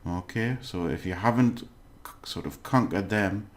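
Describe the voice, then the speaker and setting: A man teaching a casual recorded language lesson, patient, often checking in with the listener and pausing on "uh" as he goes. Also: low voice.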